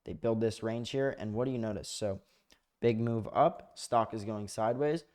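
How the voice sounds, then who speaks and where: A man's voice: lowish voice, moderate pace, a little mellow. Casual, swearing young man teaching trades. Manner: loose, profane and rambling, with fillers. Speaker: trading educator. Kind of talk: casual screen-share lesson. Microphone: desk microphone.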